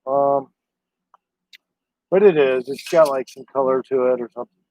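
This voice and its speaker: A man's voice: mid-range voice, moderate pace, mellow. A man chatting casually on a live stream, rambling to his viewers and his dog. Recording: dry, dull lo-fi sound.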